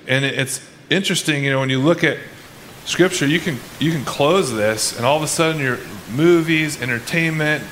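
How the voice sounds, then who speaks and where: A man's voice: a little high, moderate pace, a bit bright, slight background noise. A male pastor giving a casual, conversational sermon, often restarting his sentences and acting out people's inner thoughts in quoted asides. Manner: conversational preaching with frequent restarts.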